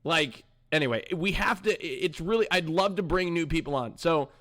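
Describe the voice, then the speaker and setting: Bright-voiced young male streamer host. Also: a little high, lively intonation, a little fast. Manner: rambling, chatty, talks back to his chat. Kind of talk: casual live-stream chat.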